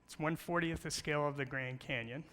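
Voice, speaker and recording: Speaking in a large church hall with long reverb, a middle-aged guest speaker on creation presents slides in a playful way, joking and posing questions. His voice is fairly high, fairly even in intonation, brisk, pushed and bright, with slight background noise.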